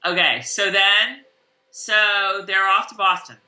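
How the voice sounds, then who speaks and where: Chatty woman, very bright, off-mic. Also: medium pitch, fairly even intonation, takes it slowly, recorded from a distance. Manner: laughs often, chatty, many fillers. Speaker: podcast co-host. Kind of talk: casual recap chat. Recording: roomy and off-mic.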